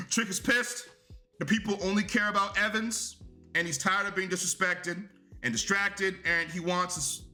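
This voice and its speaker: A man's voice: sits high, bright, forceful tone. A young man giving a casual, rambling and profane review of a wrestling show.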